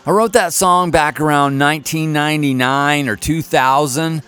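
Deadpan mock-serious male show host. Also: on the high side, normal speed, clear, resonant tone, soft background music. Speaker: podcast host. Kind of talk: comedic countdown announcing.

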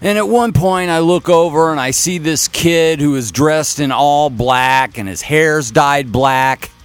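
A man's voice: on the high side, clean tone, no room sound. Wry, folksy man in his fifties. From Kansas City area, USA. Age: 50s. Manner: folksy, wry and self-mocking. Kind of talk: casual storytelling monologue.

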